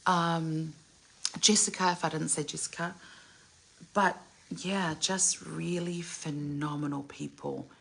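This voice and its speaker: A middle-aged woman from Samoa chats casually to camera about people she admires. Her voice sits a little low, with a husky, gravelly grain, and she gushes in bursts, leaping up high on exclamations before sinking into hushed asides. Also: takes it slowly. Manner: gushing, animated storytelling with sudden high exclamations and whispered asides. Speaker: singer and entertainer vlogger.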